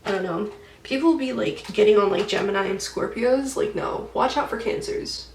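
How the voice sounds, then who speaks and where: A woman's voice: mid-range voice, normal speed, creaky, far from the mic, a little hiss or hum. A young woman vlogger chatting casually about her dreams while doing her makeup, full of "like" and slang. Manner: chatty, heavy use of "like", slangy. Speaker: beauty vlogger. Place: indoors at home, getting ready. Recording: echoey room, voice somewhat off-mic.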